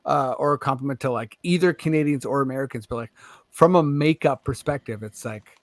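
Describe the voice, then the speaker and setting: A man's voice: medium pitch, a little fast, no echo. A man co-hosting a podcast, chatty and teasing in casual talk full of fillers. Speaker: podcast co-host. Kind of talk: casual chat.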